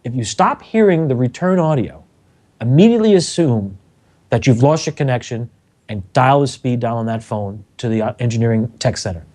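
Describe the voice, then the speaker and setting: A middle-aged man, a radio engineer, telling lively anecdotes on a talk show and acting out the quotes. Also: mid-range voice, fairly quick. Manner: animated storyteller, acts out quotes, laughs often.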